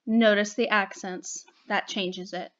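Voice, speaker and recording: A woman's voice: mid-range voice, steady tone, slow, fairly bright tone, lo-fi sound. A woman teaching a recorded grammar lesson, explaining patiently and checking in with "okay?" and "right?".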